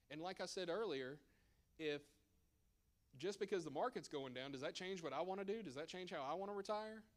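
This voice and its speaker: A man's voice: high-pitched, a bit bright. A man presenting at a church seminar as a financial advisor, conversational and emphatic with joking asides.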